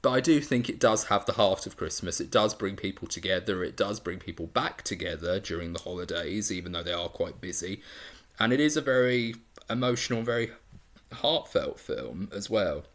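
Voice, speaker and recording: A man's voice: sits low, moderate pace, a bit bright. Enthusiastic, rambling male film reviewer. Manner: enthusiastic and rambling, with frequent restarts. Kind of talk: casual video review.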